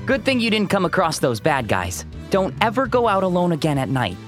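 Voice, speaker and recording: Brief: a kind cartoon police dog giving safety advice, lively pitch. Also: female voice, fairly quick, faint music behind. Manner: calm, instructive. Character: kind dog sheriff, patient and protective. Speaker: safety teacher.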